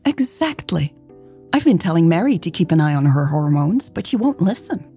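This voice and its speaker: A woman's voice: fairly low pitch, very animated, normal speed, warm tone, soft background music. A woman voicing a cheerful, outspoken elderly grandmother who talks in a chirpy, blunt way.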